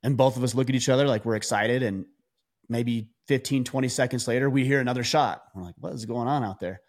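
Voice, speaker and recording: A man, a podcast guest, telling stories in a casual conversational way, animated, with frequent restarts and fillers. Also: medium pitch, fast talker.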